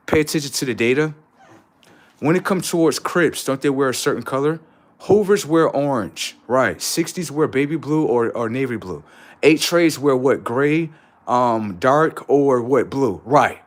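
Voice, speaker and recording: Animated, profane man ranting on a livestream. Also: mid-range voice. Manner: animated, profane, preachy, rising to shouts. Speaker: livestream host. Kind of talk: unscripted livestream rant.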